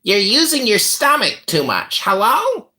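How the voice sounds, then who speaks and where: A man putting on an exaggerated nasal, raspy voice to mock someone's way of talking. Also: sits high, wildly swooping pitch, unhurried, sharp tone, voice pushed up, exaggerated voice. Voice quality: nasal rasp.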